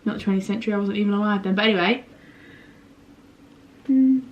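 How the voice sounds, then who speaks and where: A woman's voice: medium pitch, quick pace, lo-fi sound, slight background noise. A young woman vlogging at home, chatty and self-mocking, rambling through story times from her bedroom and kitchen. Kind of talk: casual chatty vlog.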